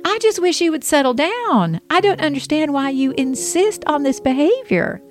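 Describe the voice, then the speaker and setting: A woman's voice: sits high, big pitch swings, moderate pace, faint music behind, voice pushed up. A woman voicing an exasperated, short-tempered mother who scolds sharply. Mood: scolding.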